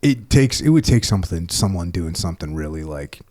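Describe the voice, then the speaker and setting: A man's voice: low voice, big pitch swings, fairly quick, a little mellow. A middle-aged man hosting a podcast, talking in a reflective, casual way with frequent laughs. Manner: reflective, laughs often, restarts. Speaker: podcast host, former military. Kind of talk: casual conversation.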